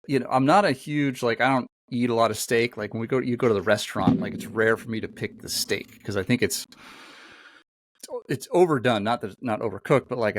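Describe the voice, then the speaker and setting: A man with a lowish voice hosts a podcast, chatting casually and telling a long, rambling story full of fillers and restarts. There's no room sound.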